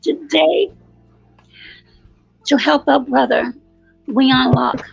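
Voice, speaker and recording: A woman's voice: high voice, takes it slowly, gravelly, slightly rough, no room sound, lo-fi sound, soft background music, exaggerated voice. A woman playing a fervent mock preacher. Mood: preaching. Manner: sing-song preaching cadence. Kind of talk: mock sermon.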